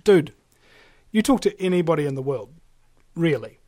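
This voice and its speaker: Animated New man telling jokes. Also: fairly high pitch, moderate pace, no echo, clean studio sound. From New Zealand. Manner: joking, animated storyteller. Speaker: guest. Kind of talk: casual conversation.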